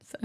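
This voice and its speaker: A woman streamer chatting casually with her viewers, playful, giggly and teasing. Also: a little mellow. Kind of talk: casual chat.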